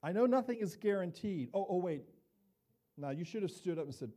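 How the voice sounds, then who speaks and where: A man's voice: sits high, animated, fairly quick, mellow. An older man preaching a sermon as pastor, talking conversationally and often checking in with the congregation with asides.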